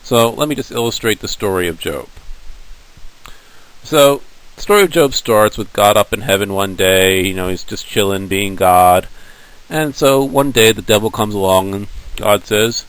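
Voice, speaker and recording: A male teacher lectures his class in a relaxed, conversational way, telling stories with plenty of asides. His voice sits fairly low. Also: moderate pace, clean tone, no echo, poor audio. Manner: casual, conversational storytelling.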